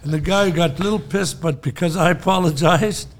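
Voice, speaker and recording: An older man chats through a long, wandering anecdote on a podcast. His voice sits a little high and has a gravelly rasp. Light chuckles keep breaking into the story. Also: fairly quick. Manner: rambling anecdotes, frequent chuckles. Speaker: podcast co-host. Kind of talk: casual storytelling chat.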